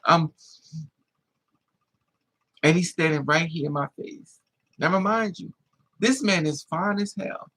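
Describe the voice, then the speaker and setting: A man vlogging, telling a personal story in an animated, emphatic way with plenty of swearing. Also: fairly high pitch, slow pace, long pauses, rough recording.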